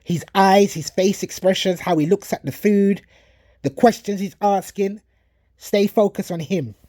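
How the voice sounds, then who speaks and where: This prophetic ministry preacher's voice is mid-range and mellow, at a measured pace. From home in England, captured on a handheld phone, he gives an earnest, preachy warning about a dream, quotes scripture, and comments on the dream and a played video.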